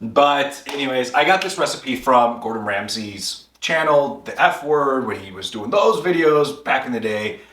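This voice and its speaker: A man's voice: mid-range voice, animated, a little slow, fairly bright tone, a little hiss or hum. A man hosting a home cooking video, chatty and reassuring as he talks the viewer through each step. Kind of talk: casual cooking tutorial narration.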